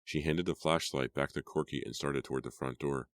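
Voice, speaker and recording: A man reads a horror novel aloud in a measured, steady way. His voice sits extremely low. The recording is close and dry, with no room sound. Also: no room sound. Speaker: audiobook narrator. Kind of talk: scripted narration.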